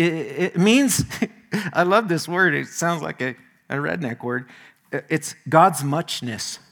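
A male pastor delivers a sermon in a slightly high, bright, forceful voice. His preaching is folksy and animated, slipping easily into homely personal stories.

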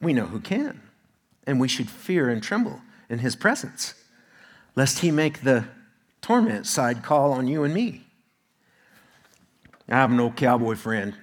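A man's voice: mid-range voice, big pitch swings, a little slow, pauses often. A male pastor preaching a sermon in a conversational way, with asides to the congregation.

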